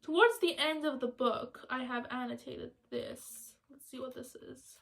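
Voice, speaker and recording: A young woman talking casually and excitedly in a rambling book vlog, chatty and quick. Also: high voice, gravelly, noisy background. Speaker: student book vlogger.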